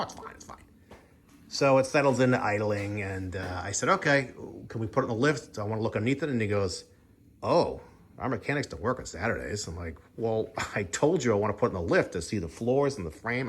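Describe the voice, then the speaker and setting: Husky-voiced man telling a story. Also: on the low side. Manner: exasperated, reenacts both sides of conversations. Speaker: vlogger. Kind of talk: casual storytelling.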